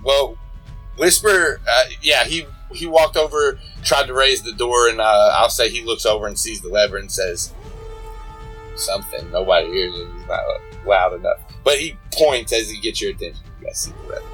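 A man narrating as game master, relaxed and chuckling, with plenty of fillers. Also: fairly low pitch, moderate pace, soft background music, rough recording.

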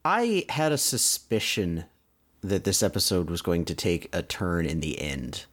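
A man co-hosting a podcast, chatting in a relaxed, agreeable way. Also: sits low, unhurried. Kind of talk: casual podcast chat.

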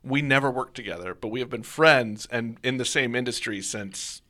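A man's voice: medium pitch, normal speed, bright, forceful tone. Eager, chatty man in his forties. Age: 40s. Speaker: podcast host. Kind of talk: casual chat over beers.

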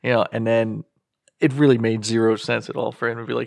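A man's voice: mid-range voice, flat delivery, a little fast, gravelly, dry recording, clean studio sound. A man in casual podcast talk about a film, rambling through his points and acting out lines from the scenes. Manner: rambling, acts out quotes with a laugh. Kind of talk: casual movie discussion.

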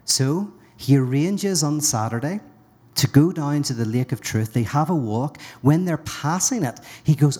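A man's voice: medium pitch, moderate pace, dark tone. A man telling a parable at a live talk, playful and rambling, often interrupting himself. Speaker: guest speaker. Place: brewery, live audience.

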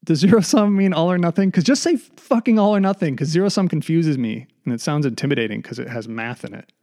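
A man talks fast in a warm, expressive voice on the high side. He's the solo host of a comedy podcast recorded in a basement room, rambling along, running himself down, putting on mock voices, and a little short of breath.

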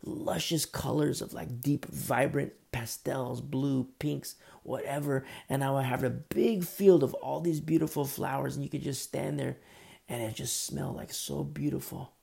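A pastor delivers a sermon in an earnest, conversational way. His voice is heavily gravelly with a husky, mellow edge. He sometimes drops to a low, hushed tone to press a point. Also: fairly even intonation, a little slow. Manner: earnest, conversational preaching, drops to a whisper at times.

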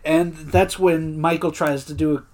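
Animated man recapping, slightly high voice. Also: measured pace, a crowd in the background. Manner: animated, swears, laughs often, acts out characters' lines. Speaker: podcast co-host. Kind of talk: casual recap chat.

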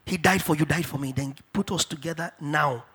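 A middle-aged man from Africa preaching a sermon in church, emphatic and repetitive, dropping to hushed asides and rising to shouted declarations. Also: fairly high pitch, fairly quick, breathy edge. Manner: repeats key phrases for stress. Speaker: pastor.

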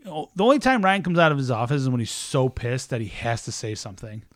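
A man's voice: mid-range voice, fast, no echo, clean studio sound. A young man telling a rowdy story in a casual chat, swearing freely and acting out what everyone said. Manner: profane, animated, acts out quotes.

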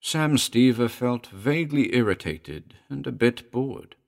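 A man reading narration in a story, with an expressive storytelling delivery. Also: mid-range voice, unhurried, gravelly. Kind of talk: scripted audiobook narration.

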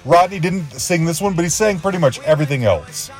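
Eager podcast host, slightly high voice. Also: male voice, animated, brisk, soft background music. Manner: enthusiastic, fan-like, repeats himself. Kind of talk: scripted podcast intro.

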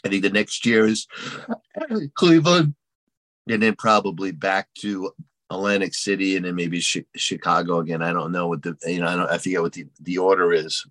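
A man's voice: deep voice, normal speed, a bit bright, no echo. A man, a guest on an interview show, answering in a plainspoken, matter-of-fact way. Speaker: guest, card dealer. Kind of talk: casual interview chat.

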